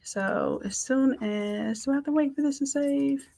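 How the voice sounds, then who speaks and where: Her voice sits high, gravelly and mellow, and she takes her time. She's a design instructor giving a live software tutorial, chatty and upbeat, thinking aloud throughout.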